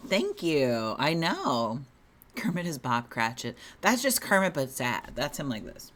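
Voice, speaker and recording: A woman co-hosts a relaxed livestream in a low voice that rises and falls a lot. She is chatty and self-deprecating, and giggles often. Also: measured pace. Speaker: livestream co-host. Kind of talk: casual livestream chat.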